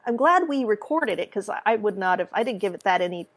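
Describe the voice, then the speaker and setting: A woman guest author with a sing-song way of talking, telling a story in an animated, chatty way. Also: medium pitch, fast. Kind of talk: casual chat.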